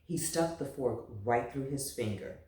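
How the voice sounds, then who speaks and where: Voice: medium pitch, measured pace, recorded from a distance. A reader telling a picture book aloud in a playful, chatty way, then signing off to listeners. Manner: animated, playful, chatty sign-off. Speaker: storybook reader. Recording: very echoey room, voice from afar.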